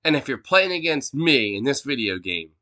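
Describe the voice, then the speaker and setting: A man's voice: medium pitch, very animated, moderate pace, pushed and bright. A man streaming a video game live, ranting casually and swearing a lot in a scornful tone.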